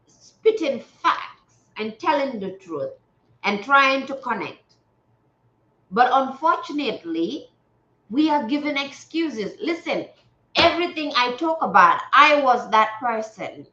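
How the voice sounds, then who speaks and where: With a slightly high, sharp voice, a woman from Gambia leads a spiritual livestream. Her casual talk turns earnest and preachy, and she repeats phrases to drive points home over roomy, muffled lo-fi audio.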